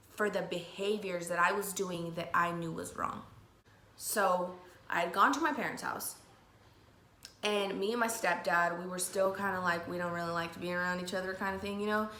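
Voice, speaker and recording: Candid young woman, bright echoey voice. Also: on the low side. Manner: candid, emotional, swears freely. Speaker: podcast host. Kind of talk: personal storytelling to listeners. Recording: echoey room with faint noise.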